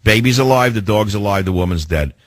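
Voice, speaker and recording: A man's voice: on the low side, expressive, fairly quick, no echo. A man hosting a political talk radio show, combative and sarcastic, firing off rhetorical questions.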